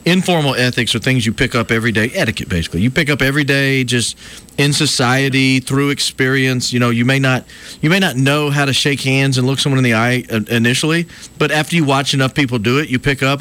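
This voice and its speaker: A man's voice: mid-range voice, fast, a bit bright. A man in his late thirties hosting a talk radio show, explaining things in an earnest, lecturing way. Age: 30s.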